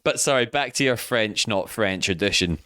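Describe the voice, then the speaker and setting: Male podcast host, low voice, loose chatty delivery with plenty of laughs, dry close mic. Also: animated, moderate pace, sharp tone, clean tone, no echo. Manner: chatty, laughs often, rambling tangents. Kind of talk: casual chat.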